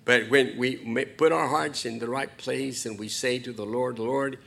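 A middle-aged man preaching a sermon in a church, conversational and warm to the congregation, often repeating words and dropping in short Spanish phrases. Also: mid-range voice, steady tone, moderate pace, gravelly. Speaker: pastor.

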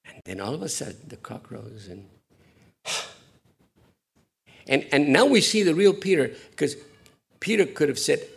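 A middle-aged man preaching a sermon in a church, conversational and warm to the congregation, often repeating words and dropping in short Spanish phrases. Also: fairly high pitch, big pitch swings, measured pace, gravelly, pauses often, husky. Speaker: pastor.

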